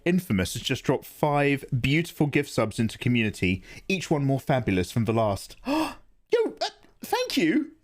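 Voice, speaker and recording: A man chats loosely with his livestream audience, rambling from one thought to the next. His pitch moves lively up and down, and he often breaks into laughter. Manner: animated, rambling, laughs into his own impressions. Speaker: livestream art streamer. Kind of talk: casual livestream chat.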